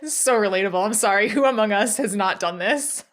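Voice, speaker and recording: A woman's voice: medium pitch, quick pace, fairly bright tone, slight background noise. A woman co-hosting a casual watch-along, talking enthusiastically over a video call. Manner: chatty, enthusiastic, giggly. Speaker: co-host of a watch-along show. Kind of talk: casual reaction chat.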